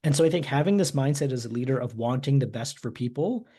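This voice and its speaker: A man who speaks as a guest on a webinar, telling a personal story in an animated way with frequent restarts. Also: mid-range voice, fast talker, husky.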